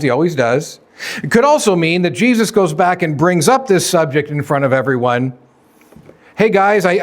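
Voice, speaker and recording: A man with a slightly higher-pitched voice preaches a sermon in an easy, conversational way. He keeps asking his listeners questions and lifts his voice to play out the quoted dialogue. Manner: conversational, asks the congregation questions. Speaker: pastor.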